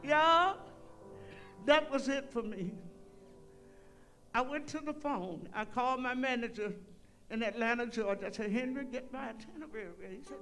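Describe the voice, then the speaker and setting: Over music, an older woman's fairly high voice moves at a moderate pace with lively intonation. As a guest singer at a concert hall, she preaches a folksy testimony to the crowd, shouting "y'all" and bursting into hymns.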